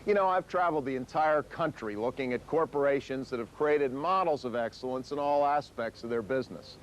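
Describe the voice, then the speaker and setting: A man's voice: medium pitch, brisk, a little hiss or hum, poor audio. A man presenting a business documentary in an assured, emphatic way. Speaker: narrator, business commentator.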